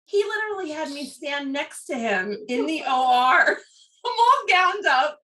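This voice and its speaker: A woman co-hosting a podcast, telling a story in a lively way and often laughing mid-sentence. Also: high voice, measured pace, recorded from a distance. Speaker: podcast co-host. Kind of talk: casual storytelling chat.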